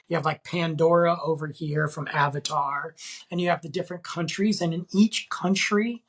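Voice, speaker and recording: A man with a slightly high, husky voice hosts a podcast. He talks casually and enthusiastically, rambling along and using plenty of slang.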